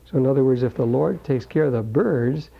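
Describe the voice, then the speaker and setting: A man's voice: medium pitch, gravelly. Folksy preacher man, lo-fi sound. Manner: folksy and conversational, slows to read scripture. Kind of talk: sermon. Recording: dull lo-fi recording.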